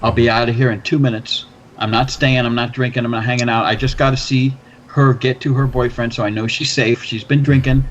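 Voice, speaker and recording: A man telling a long story in casual, profane chat, animated and swearing freely. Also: medium pitch, fairly quick. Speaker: podcast host. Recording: slightly dull, faint background noise.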